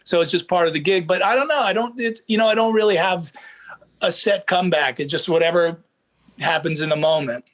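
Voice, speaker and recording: A male comedian guest on a podcast, telling a stand-up story in an animated, punchline-driven way. His voice sits somewhat high for a man. He speaks casually. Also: a little fast.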